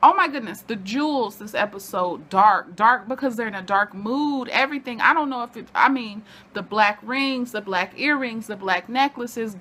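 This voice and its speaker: A woman giving a casual, excitable TV episode recap from home, chatting to her viewers as y'all. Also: fairly high pitch, normal speed, hardly any pauses. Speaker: TV recap vlogger.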